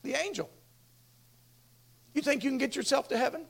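High-voiced impassioned male preacher. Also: moderate pace, creaky. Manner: impassioned, swings from hushed to shouting. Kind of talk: sermon.

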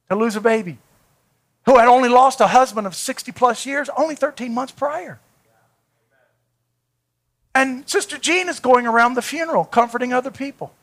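A man's voice: very high-pitched, normal speed, pauses often, a bit bright. A male pastor preaching a sermon, telling a personal testimony in an earnest, heartfelt way.

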